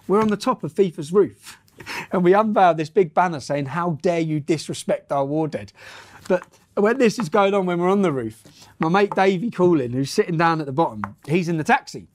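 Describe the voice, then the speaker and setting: A man's voice: high voice, expressive, brisk. A middle-aged man telling a story and reading news aloud bluntly, with frequent laughter and swearing.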